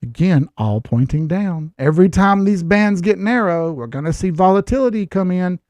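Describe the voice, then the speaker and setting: A man's voice: high voice, lively intonation, normal speed, a little mellow, no echo. A man hosting casual crypto chart commentary who talks in a blunt, lecturing way with sarcastic asides. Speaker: crypto chart analyst host.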